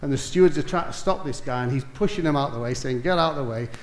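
Male preacher, mid-pitched, storytelling sermon delivery that builds and falls; roomy echoing hall sound. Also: fast talker. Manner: storytelling, rising to emphatic peaks then dropping soft.

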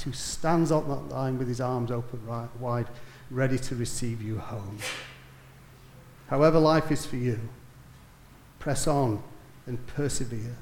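Male preacher, mid-pitched, storytelling sermon delivery that builds and falls; roomy echoing hall sound. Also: steady tone, moderate pace. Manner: storytelling, rising to emphatic peaks then dropping soft.

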